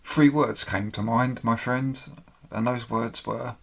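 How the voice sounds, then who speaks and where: Man, middle pitch, emotional, halting, personal account, pauses and restarts. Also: steady tone, vocal fry, fairly bright tone. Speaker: storyteller recounting his own experience.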